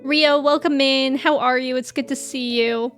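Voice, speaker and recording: A woman's voice: high-pitched, steady tone, normal speed, fairly bright tone, soft background music. A young American woman streaming a game, chatting casually and rambling with viewers, laughing often. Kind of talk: casual chat with live viewers.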